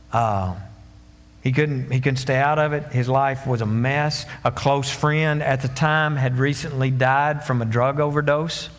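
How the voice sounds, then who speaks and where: High-voiced man preaching in a reverberant hall. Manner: animated preaching, acts out scoffers' voices. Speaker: pastor. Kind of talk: sermon.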